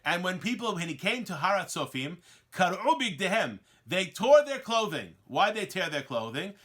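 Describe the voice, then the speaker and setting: A man teaches a Talmud passage, reading the original lines and translating them one by one. His voice sits high and swings widely as he acts out the dialogue. The tone is bright and forceful. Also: moderate pace. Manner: animated, acts out the quoted dialogue; reads Hebrew and Aramaic text then translates it. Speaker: Torah teacher. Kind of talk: Talmud lesson.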